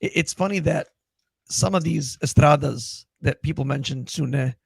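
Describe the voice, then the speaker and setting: A man interviewing a guest, asking halting, hesitant questions in a casual chat. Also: fairly high pitch, vocal fry, husky, dry recording.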